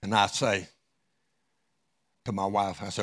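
A man preaching a sermon through a dramatic story, with his voice rising loud and dropping low. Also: flat delivery, measured pace. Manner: dramatic, wide swings in loudness.

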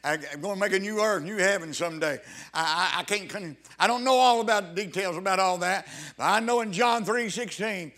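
Fervent male preacher with a high voice, stumbling restarts and loud rising emphasis. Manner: halting with repeated restarts. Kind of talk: sermon.

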